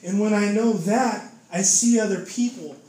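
Speaking at a moderate pace in a high-pitched, mellow voice, a young man shares a fervent, informal testimony, peppering it with "man" and "dude" throughout. The recording carries heavy room echo and faint noise.

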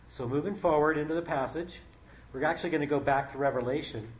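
A man's voice: fairly high pitch, fast talker, a little hiss or hum. A middle-aged man giving an informal sermon in a conversational, folksy way, reading scripture aloud between his own remarks. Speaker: Bible study leader. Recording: roomy with faint ambience.

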